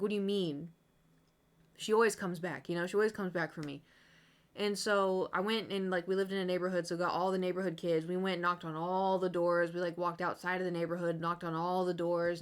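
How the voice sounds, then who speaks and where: A woman's voice: on the low side, clean tone. A young woman streamer from the United States chatting casually, telling a long rambling story with many asides to her chat.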